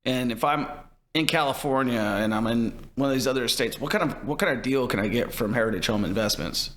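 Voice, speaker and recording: A man hosting a podcast, asking questions and pitching his program in an upbeat, emphatic, salesy way. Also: brisk, a bit bright. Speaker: podcast host, real estate investor. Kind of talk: interview host and sponsor-style pitch.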